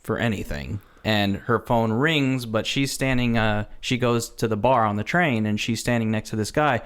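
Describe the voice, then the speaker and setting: A man co-hosting a podcast, casually recalling a film's scenes in a relaxed, thinking-aloud manner. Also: on the low side, normal speed, clear, resonant tone. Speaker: podcast co-host. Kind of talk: casual movie recap chat.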